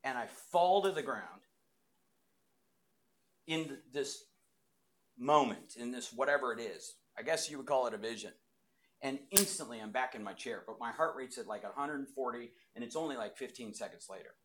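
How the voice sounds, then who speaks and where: A man gives his testimony to a live audience as an animated storyteller, his voice swinging between loud bursts and hushed asides. He has a mid-range voice and a moderate pace.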